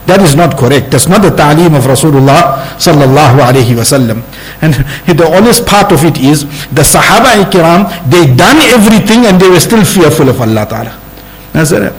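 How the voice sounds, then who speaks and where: Guy giving a sermon, voice sits a bit high, rattles off arabic verses quick then slows to explain. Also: expressive, poor audio. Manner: mixes English with Urdu and Arabic terms, recites verses quickly. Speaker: preacher.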